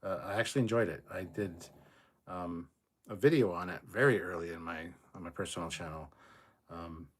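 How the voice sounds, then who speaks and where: A middle-aged man with a low, husky voice hosts a livestream and reads viewers' comments aloud at a moderate pace. He keeps it loose and casual, swearing freely.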